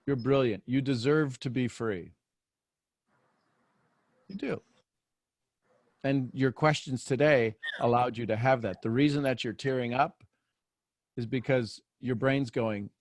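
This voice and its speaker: A man's voice: mid-range voice, measured pace, pauses often, no room sound. A man coaching a woman live, encouraging and emphatic, often repeating phrases. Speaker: host, life coach.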